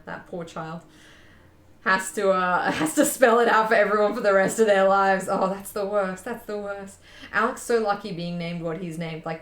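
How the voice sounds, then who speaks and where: Chatty young woman in an echoey room. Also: on the low side. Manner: rambling, chatty, with fillers and repeats. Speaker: streamer chatting with viewers. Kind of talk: casual chat.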